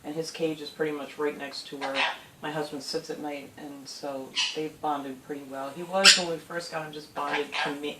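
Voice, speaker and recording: A woman's voice: low-pitched, fairly even intonation, moderate pace, pushed and bright. A middle-aged woman chatting casually at home, cooing in baby talk to her pet birds, recorded on a distant camera mic. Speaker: pet owner vlogger. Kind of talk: casual home video chat. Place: home with parrots in the room. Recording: roomy, distant, noisy home audio.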